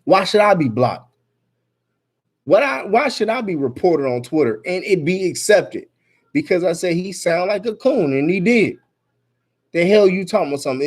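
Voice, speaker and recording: Angry man ranting over the news. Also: a little high. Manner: angry, emphatic, swearing, rising to near-shouts. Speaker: vlogger commenting on news. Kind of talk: reading news aloud and ranting.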